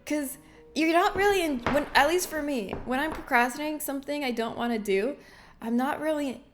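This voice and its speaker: Woman streamer, slightly high voice, playful and giggly, casual chat. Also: fairly quick, over music. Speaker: game streamer. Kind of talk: casual livestream chat with viewers.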